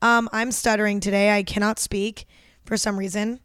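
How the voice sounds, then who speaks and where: A woman's voice: mid-range voice, little pitch movement, moderate pace, fairly bright tone, clean tone, no echo, clean studio sound. A young woman hosting her own podcast, chatting casually in a rambling, self-deprecating way, full of fillers and swearing, a little groggy from an early start. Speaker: podcast host. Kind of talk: casual solo podcast chat.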